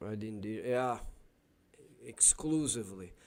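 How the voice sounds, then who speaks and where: A man's voice: lowish voice, lively intonation, unhurried, darkish tone. A Brazilian man with a Brazilian Portuguese accent, a Portuguese teacher hosting a casual live stream and thinking aloud with many fillers and restarts.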